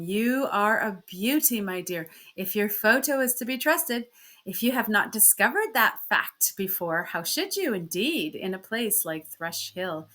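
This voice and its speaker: A woman's voice: medium pitch, pushed and bright. A woman reading a story aloud, voicing the arch, knowing letter of a worldly, scheming older sister.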